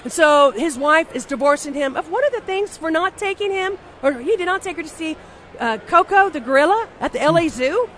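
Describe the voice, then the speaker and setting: A high-pitched woman telling stories as an interview guest, blunt and animated, swearing now and then and restarting her sentences. A faint hum sits under her voice. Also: fairly quick. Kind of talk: casual anecdotal storytelling.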